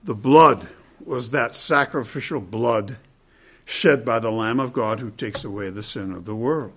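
An expressive, slightly rough male voice delivers an expository sermon without hurry. Key phrases come back again and again as he shifts between forceful, loud high points and soft, low moments.

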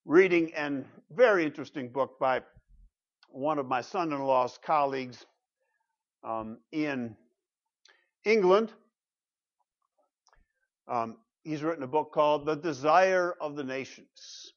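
A man's voice: fairly high pitch, slow pace, long pauses. A middle-aged man preaching a sermon as pastor, emphatic, asking the congregation rhetorical questions. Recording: dull lo-fi sound.

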